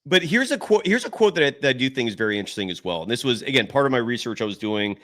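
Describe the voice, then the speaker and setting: A man hosting a live postgame basketball talk show from his home, an animated storyteller who acts out quotes. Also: medium pitch, rapid-fire. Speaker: show host.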